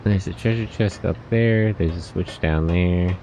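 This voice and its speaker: A man's voice: low-pitched, a little slow, warm tone, a little hiss or hum. A man streaming a video game, rambling to himself in a casual, playful way about what he sees. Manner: rambling, self-talking, playful. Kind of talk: casual gameplay commentary.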